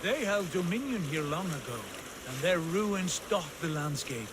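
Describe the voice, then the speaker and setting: A proud Viking jarl. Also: male voice, a little high, lively intonation, measured pace, background noise. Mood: solemn. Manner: solemn, declaiming. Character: proud male Viking jarl, commanding leader. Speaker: jarl leading a war band. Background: game music.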